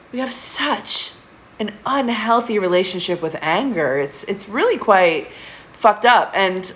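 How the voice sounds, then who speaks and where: A woman's voice: mid-range voice, a bit bright. Woman, 30s; therapist hosting a live stream, candid and profane, keeps talking straight to her viewers. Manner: candid, swears often, urges viewers to comment.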